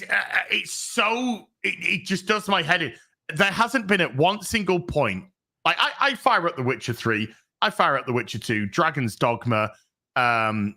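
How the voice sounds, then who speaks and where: A man's voice: on the high side, bright, forceful tone. A man ranting profanely in a casual podcast chat.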